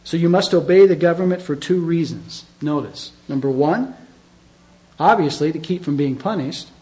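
Emphatic, slightly high-voiced preacher man. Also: lively intonation, moderate pace, warm tone, poor audio. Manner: conversational, emphatic preaching with rhetorical questions. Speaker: pastor. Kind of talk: sermon.

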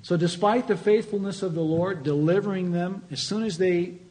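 A man delivering a sermon with a slightly higher voice than most men. He preaches earnestly and conversationally, pushing harder on his key points. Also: moderate pace, a little mellow, poor audio. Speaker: pastor.

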